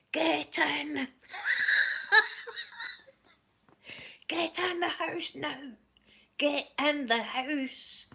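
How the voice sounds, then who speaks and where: A woman's voice: medium pitch, fairly bright tone. Chatty self-mocking Scottish woman. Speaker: ASMR vlogger. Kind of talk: casual chat to viewers. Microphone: laptop.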